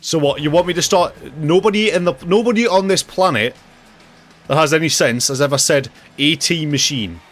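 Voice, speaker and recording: A man's voice: a little high, moderate pace, fairly bright tone, soft background music. A young man ranting and joking casually to his chat during a gaming livestream. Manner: jokey, ranting, reacts to chat, swears casually.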